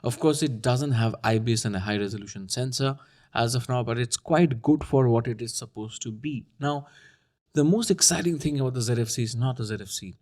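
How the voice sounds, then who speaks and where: A man's voice: medium pitch, a little fast, a little mellow. Man chatting about gear, playful. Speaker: camera YouTuber. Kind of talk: casual talking-head commentary.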